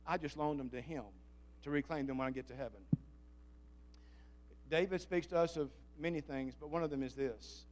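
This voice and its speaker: A man's voice: fairly high pitch, normal speed, long pauses, a little mellow. A man preaching a fervent sermon as pastor, calling out to the congregation for responses. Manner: fervent, calls for audience response.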